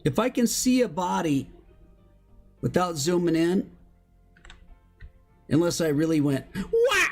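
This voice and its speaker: A streamer chatting live over gameplay in slangy, excitable talk that breaks into high shouts and exclamations. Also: a little slow, creaky, long pauses, soft background music. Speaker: Minecraft streamer.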